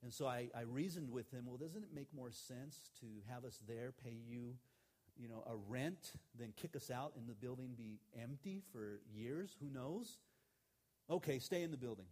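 A middle-aged pastor preaching to his congregation in an easygoing, storytelling way. He retells past conversations and quotes the people in them. His voice sits at an everyday male pitch. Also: normal speed, darkish tone. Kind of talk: sermon storytelling.

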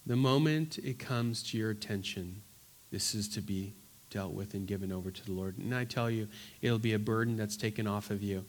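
A man preaching an earnest Bible-teaching sermon, emphatic and repeating words for stress, then dropping to soft, pleading tones. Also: on the low side, normal speed. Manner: swings from loud urgency to soft, quiet pleading.

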